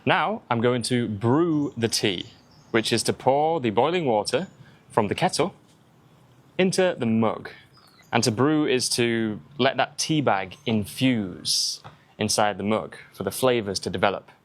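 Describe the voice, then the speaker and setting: A man's voice: medium pitch, expressive, unhurried. A young man with an English accent, giving a chatty vlog-style English lesson and explaining words with examples. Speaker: English teacher.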